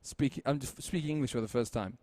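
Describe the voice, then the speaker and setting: A man's voice: medium pitch, fast talker, darkish tone, no echo. A young man with a Mancunian accent, casting an esports match in a chatty, rambling way, often correcting himself and laughing. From Manchester, with Libyan roots. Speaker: esports caster. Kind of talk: casual esports commentary.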